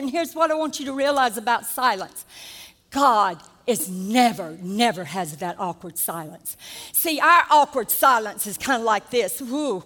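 An older woman pastor preaching a sermon, animated and folksy, rising to shouts at the peaks. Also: fairly high pitch, unhurried, soft background music. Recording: long reverb of a church hall.

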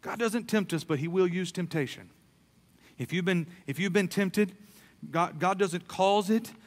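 A man preaching a sermon as a pastor, emphatic, swinging between soft, quiet stretches and loud, pressing lines. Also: on the high side. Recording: long hall reverb.

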